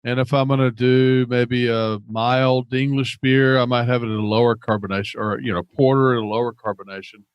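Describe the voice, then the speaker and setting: A man co-hosts a casual podcast and walks through his process step by step, restarting often. His voice sits at a middle pitch. The recording is dry and close. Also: steady tone, fairly quick, hardly any pauses, smooth, no echo, lo-fi sound. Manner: practical, explains his methods with many restarts. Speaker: podcast co-host.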